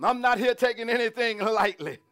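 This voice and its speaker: A man preaching a sermon, reading scripture and building to shouted, humming, laughing exclamations. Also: very high voice, a little fast, faint music behind.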